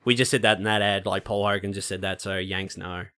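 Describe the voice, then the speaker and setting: A man's voice: deep voice, little pitch movement, fairly quick, pushed and bright. A man with an Australian accent co-hosting a casual podcast, joking and swearing as he reads out facts. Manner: profane, joking banter. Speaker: podcast co-host.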